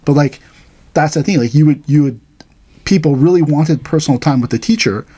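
A man's voice: a little high, fairly quick, mellow, husky. A middle-aged man, an aikido teacher, telling stories in casual chat, acting out quoted voices and laughing along.

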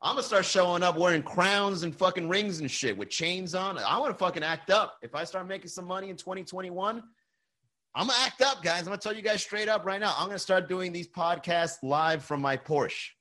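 A man's voice: sits high, a little fast, bright, forceful tone. A man hosts a casual comedy podcast, riffing loosely and reading viewer messages aloud. His talk is jokey and full of swearing, with easy restarts and asides to the chat. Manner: loose, joking, reads chat comments aloud, swears freely. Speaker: podcast host. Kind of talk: casual live-stream chat.

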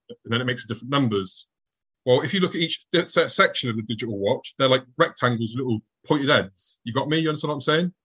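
Husky man telling a tense story. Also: mid-range voice, poor audio. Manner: animated, acts out his own past thoughts in a hushed voice. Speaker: speaker telling a personal encounter story. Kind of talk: live storytelling to an audience.

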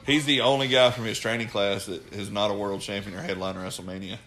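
A man's voice: lowish voice, fairly even intonation, quick pace, fairly bright tone. A man, co-hosting a casual podcast chat, telling profane stories and acting out what people said. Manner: profane, storytelling with voiced quotes. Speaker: podcast co-host, former wrestler.

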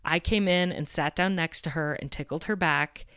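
Low-voiced woman podcast host. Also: normal speed, a bit bright, smooth, no echo, studio quality. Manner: earnest, reflective storytelling. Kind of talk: podcast monologue.

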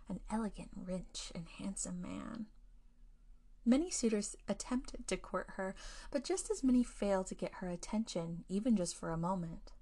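A woman hosting a storytelling podcast, narrating a scripted ghost tale in a hushed, often near-whispered delivery. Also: mid-range voice, normal speed.

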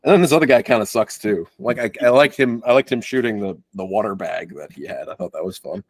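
A man's voice: fairly low pitch, fast talker. A man co-hosting a podcast, chatting casually about a movie, joking and acting out characters' lines. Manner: animated, joking, acts out lines in silly voices. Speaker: podcast co-host. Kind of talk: casual movie review chat.

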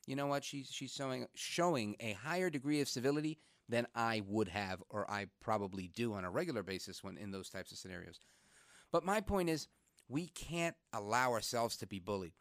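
Animated New radio host. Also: male voice, mid-range voice, no room sound, clean studio sound. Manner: animated, conversational, outraged then reflective. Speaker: radio talk show host. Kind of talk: talk radio monologue. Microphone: studio microphone.

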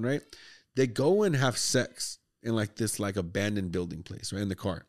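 A man hosting a podcast, excitedly retelling a horror movie plot in casual, profane, rambling chat. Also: medium pitch, a little fast. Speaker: podcast host.

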